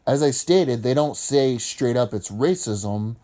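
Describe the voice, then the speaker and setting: A man's voice: mid-range voice, animated, measured pace, dark tone. A man from Appalachia, giving argumentative opinion commentary in a lecturing way. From Appalachian region of the US.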